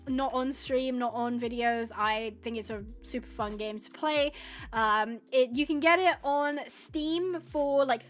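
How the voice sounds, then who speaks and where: A woman with a high voice chats away on a live gaming stream, rambling from one story to the next. She laughs often and slips into little acted-out quotes. Faint game music plays softly underneath. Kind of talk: casual live-stream chatter while gaming.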